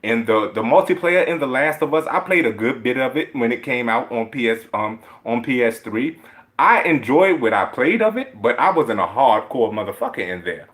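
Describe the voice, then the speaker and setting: A man giving a heated, profane rant to his viewers, with emphatic repeated points that swing from low muttering to loud, high outbursts. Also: lively intonation, moderate pace. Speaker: gaming vlogger.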